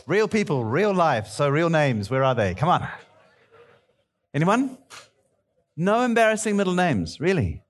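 Male pastor, middle-aged, jokey sermon delivery, lively and somewhat high. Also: a little slow, long pauses. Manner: playful, bantering with the congregation.

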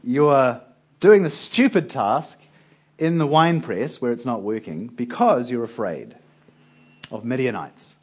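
Lively husky-voiced male preacher. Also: mid-range voice, slow, lo-fi sound. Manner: conversational, with frequent rhetorical questions to listeners. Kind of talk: Bible teaching talk.

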